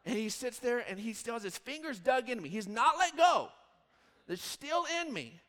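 A man in his thirties, a pastor telling a rambling, animated story in a sermon. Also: very high voice, normal speed, big-room sound. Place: church hall.

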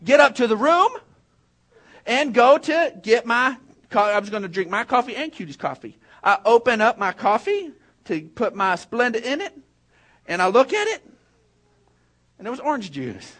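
A man's voice: very high voice, very animated, moderate pace, pauses often, fairly bright tone. A man preaching a sermon as pastor, telling a funny personal story and then making an earnest point to the congregation.

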